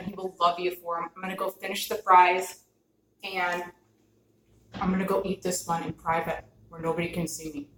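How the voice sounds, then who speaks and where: A woman chatting excitedly to viewers as she cooks and tastes food, gushing and talking straight to the camera. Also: on the low side, slight background noise. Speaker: cooking vlogger. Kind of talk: casual cooking chat to camera. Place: home kitchen. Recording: echoey kitchen, mic at a distance. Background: clinking dishes and cutlery.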